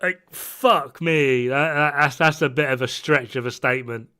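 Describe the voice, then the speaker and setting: A young, half-Norwegian man chats casually while streaming a game, reacting to his chat in a rambling way, swearing a lot and often restarting sentences. His medium-pitched voice is bright, forceful and smooth, at a moderate pace.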